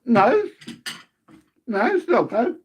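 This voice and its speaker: A man's voice: extremely high pitch, very animated, slow, slightly rough, muffled recording. A man chatting casually on a live stream, eating as he talks and reading viewer comments aloud. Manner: chatty, eats while talking, swears mildly, reads viewer names aloud.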